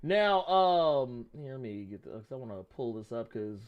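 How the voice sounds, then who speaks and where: Animated, stammering male podcast host. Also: medium pitch, moderate pace, highs cut off. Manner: rambling, stammering restarts, laughs often. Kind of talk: casual interview chat.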